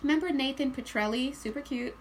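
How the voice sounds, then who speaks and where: Woman tarot reader, chatty and giggly, slightly high voice, light room hiss. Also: fairly quick. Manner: bubbly, giggly, chatty, acts out sighing voices. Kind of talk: casual tarot reading video.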